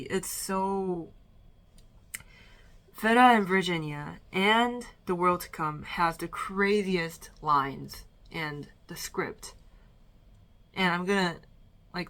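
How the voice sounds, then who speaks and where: A woman's voice: lowish voice, a bit bright. A young woman ranking movies she has watched in a casual, rambling chat from her bedroom, a little out of breath. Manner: chatty, rambling, fillers and trailing restarts. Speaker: vlogger.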